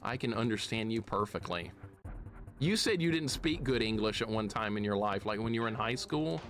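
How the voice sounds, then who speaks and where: Excitable man with a slight southern twang. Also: on the low side, normal speed, faint music behind. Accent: slight Southern US city accent. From southeastern United States. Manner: chatty, excitable, laughs often, greets chat. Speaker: game streamer. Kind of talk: live gameplay commentary.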